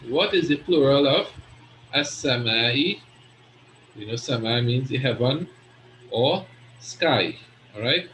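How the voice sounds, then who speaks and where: A man's voice: medium pitch, a bit bright, reverberant, a little hiss or hum, rough recording. A man teaching an Arabic grammar class, patiently explaining and often checking understanding with "right?".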